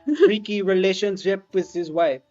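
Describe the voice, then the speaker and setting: A woman's voice: medium pitch, moderate pace, warm tone, close to an everyday voice. A grandiose French artist lady, all self-important boasts in a thick put-on French accent, as a woman plays her for laughs. Her voice sits at an ordinary middle height. The sound is dull and lo-fi with faint music behind. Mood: pompous. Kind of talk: improvised comedic role-play.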